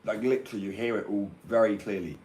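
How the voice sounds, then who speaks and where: A man's voice: lowish voice, fast, a little mellow, slight background noise, low-quality recording. A young man with an English accent, talking in a brash, rambling casual rant and swearing freely. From England.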